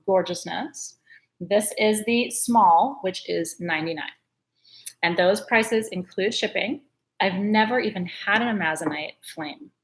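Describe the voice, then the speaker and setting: A woman hosting a live-stream sale, chatting in a gushing way and laughing often. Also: medium pitch. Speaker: host selling crystals. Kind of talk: live-stream sales chat.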